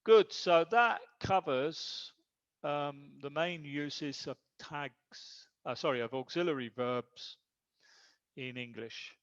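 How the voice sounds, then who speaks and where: Slow-talking male English teacher. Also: on the high side. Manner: explains slowly, mixes English and Spanish. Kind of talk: online English class for Spanish speakers. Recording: dull lo-fi sound.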